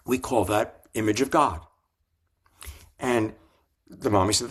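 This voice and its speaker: An older rabbi speaks in a measured, mid-pitched voice, weaving reflective anecdotes into an interview. He restarts phrases now and then and slips in dry, gentle humor. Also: lively intonation, breathy edge. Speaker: rabbi and author. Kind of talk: storytelling in an interview.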